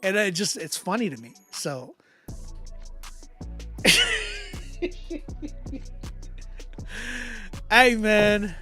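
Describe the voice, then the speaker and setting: A man's voice: sits high, expressive, a little slow, hardly any pauses, pushed and bright. A man hosting a live music critique stream, talking in a loose, slangy way with frequent laughs and restarts. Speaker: livestream music critique host. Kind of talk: casual live-stream chat.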